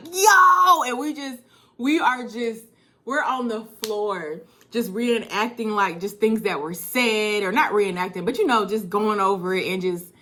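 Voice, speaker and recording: A woman in her thirties telling personal stories in a vlog, animated and laughing as she reminisces. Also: medium pitch. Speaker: vlogger.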